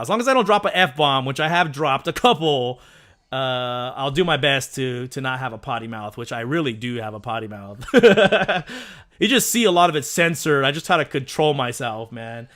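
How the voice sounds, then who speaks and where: A man, around his thirties, hosting a casual live stream and chatting excitedly with his viewers, rambling with lots of restarts. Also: fairly high pitch, normal speed.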